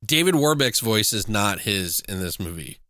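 Man, podcast host, casual chat, profane, crisp voice, dry close sound. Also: on the low side, sing-song, moderate pace, sharp tone, no room sound. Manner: casual and profane, recapping plots with trivia. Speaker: podcast co-host reviewing movies.

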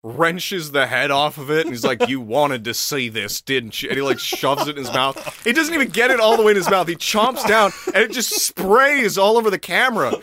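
Animated, bright-voiced young man telling stories. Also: high voice, fairly quick, few pauses, a little hiss or hum. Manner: animated storytelling with laughter and swearing. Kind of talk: casual comedic chat.

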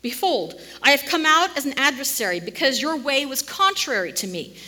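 A woman's voice: sits high, very animated, moderate pace, bright, forceful tone, full character voice. A woman voicing a stern male angel who speaks with commanding emphasis. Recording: long hall reverb.

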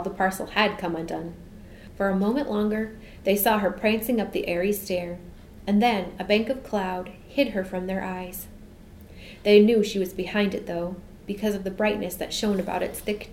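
A woman reading a storybook aloud in a gentle, expressive way. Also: mid-range voice, moderate pace. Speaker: narrator. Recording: echoey room, faint hum.

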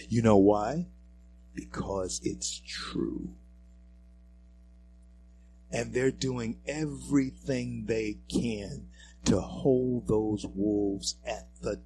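A man's voice: fairly low pitch, darkish tone, a little hiss or hum. A male radio talk show host giving emphatic, preachy political commentary and speaking straight to his listeners. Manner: emphatic, preachy, addresses listeners as folks and friends.

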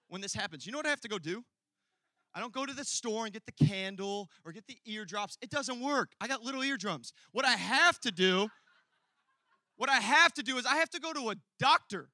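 A male pastor preaching a sermon, telling a personal story and building from quiet asides to loud, emphatic peaks. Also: high voice, no echo.

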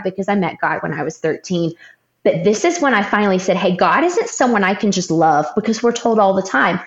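A woman's voice: medium pitch, reverberant, muffled recording. A young adult woman sharing an earnest personal story in candid, emotional storytelling with frequent restarts. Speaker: guest sharing her testimony.

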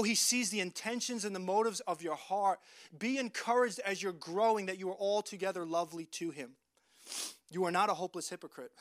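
High-voiced earnest male preacher. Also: a bit bright, dry recording, studio quality. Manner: earnest, emphatic, repeats words and restarts phrases. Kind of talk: sermon.

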